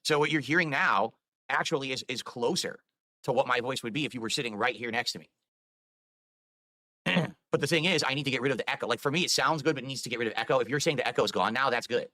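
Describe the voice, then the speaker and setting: A man talks quickly with a bright, forward tone and explains himself at length, rambling and defensive. He sounds like a streamer chatting live, and his voice sits close and dry with no room sound. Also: mid-range voice, dry recording. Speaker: video game streamer.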